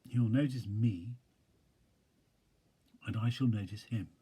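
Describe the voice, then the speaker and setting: A man voicing a slow-thinking, good-natured young male bear who talks in a simple, ponderous way, in a storybook reading. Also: fairly low pitch, dark tone, husky, exaggerated voice. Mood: gentle.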